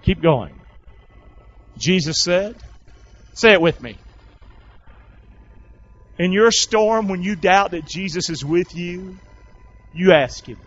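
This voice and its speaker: A man preaching a sermon, his fairly high voice leaping all over its range as he calls the congregation to repeat after him. He drawls slowly and folksily, bursting out loud and then dropping to a hush. The recording is dull and lo-fi. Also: husky. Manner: call-and-response with the congregation; folksy and animated, swinging from loud to hushed. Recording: dull lo-fi sound.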